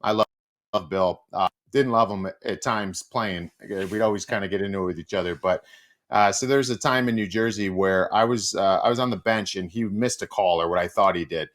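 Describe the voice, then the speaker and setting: A man co-hosting a casual show, a former hockey player telling stories in a lively, loose way, swearing freely and using plenty of fillers. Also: low voice, fairly quick. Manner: animated storyteller, swears freely, many fillers. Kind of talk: casual storytelling chat.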